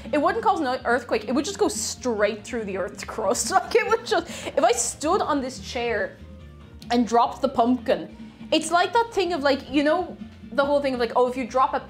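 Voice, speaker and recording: A young woman from Ireland chatting casually on a live stream, reading chat aloud and giggling often as she bakes. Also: sits high.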